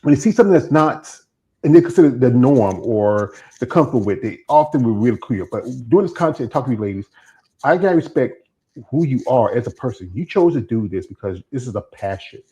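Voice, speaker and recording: A man with a Northern US accent touched by a slight Southern twang hosts a casual interview at a mid-range pitch. He rambles loosely and restarts his sentences as he goes. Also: animated, brisk, warm tone, highs cut off. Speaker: interview host.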